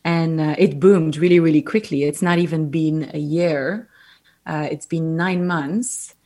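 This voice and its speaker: Low-pitched female guest with a French accent; lively anecdotes, calm reflective advice. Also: a little slow. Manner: animated storyteller, gentle and reflective when advising. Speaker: podcast guest. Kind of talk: casual interview chat.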